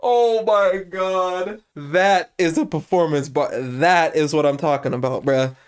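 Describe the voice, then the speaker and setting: A young man hosting a reaction video, talking in an excitable, exclaiming way and breaking off mid-sentence. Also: fairly high pitch, normal speed, smooth. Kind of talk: animated casual commentary.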